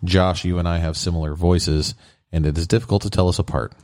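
A man's voice: low voice, fairly even intonation, a little fast, darkish tone, no echo, studio quality. A man in his thirties co-hosting a podcast, rambling and self-mocking in casual chat. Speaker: podcast co-host.

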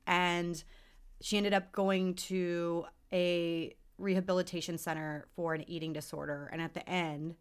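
A woman's voice: on the low side, little pitch movement, unhurried, clear, resonant tone. A young adult woman co-hosting a podcast, chatting casually, earnest and emotional as she rambles with fillers. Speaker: podcast co-host. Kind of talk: casual chat.

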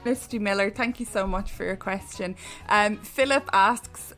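A woman's voice: medium pitch, unhurried, fairly bright tone, faint music behind. An Irish woman co-hosting a podcast, reading out listener questions and teasing her co-host with sweary banter. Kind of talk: casual chat.

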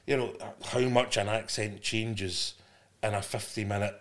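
Glaswegian host bantering. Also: male voice, on the low side, fairly even intonation, a little slow, fairly bright tone. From Glasgow. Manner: banter, lots of aye and laughing asides. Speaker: podcast host. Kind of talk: casual chat.

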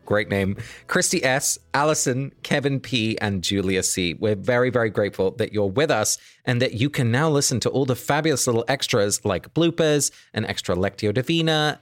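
A man co-hosts a podcast and reads the intro and supporter thanks at a measured, even pace. The recording is dry and close, with soft guitar music behind him. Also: mid-range voice, dry recording. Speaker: podcast co-host.

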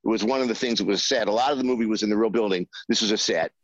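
A man telling a behind-the-scenes anecdote in an interview, halting with many fillers and acting out the voices he quotes. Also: lowish voice, no room sound, lo-fi sound. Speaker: screenwriter guest.

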